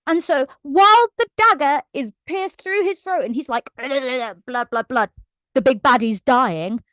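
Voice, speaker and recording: High-voiced woman recapping a book. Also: a little slow, no echo. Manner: animated, laughing, heavy use of "like". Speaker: book vlogger.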